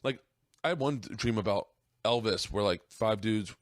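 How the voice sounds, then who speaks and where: A man hosting a podcast, telling an emotional story in casual chat, his voice climbing high as he gets choked up. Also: moderate pace, no room sound, clean studio sound. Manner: emotional, voice rising high as he tears up. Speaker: podcast host.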